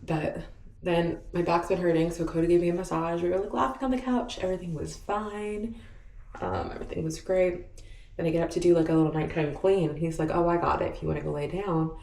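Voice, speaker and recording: A young woman vlogs from home in a candid diary style, rambling and chatting frankly with lots of fillers. Her voice is warm, fairly low and fairly quick. The indoor recording sounds echoey, with the mic set at a distance.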